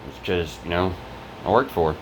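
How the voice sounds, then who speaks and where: This vlogger's voice sits low and moves a little fast over some background noise. Recording from inside his fire-damaged apartment, he rants angrily and rambles, cursing frequently and starting sentences over.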